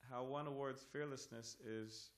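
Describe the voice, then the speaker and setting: A man leading a scripture class in a temple hall, reading verses and commentary aloud in a measured, word-by-word manner. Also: mid-range voice, fairly even intonation, a little hiss or hum.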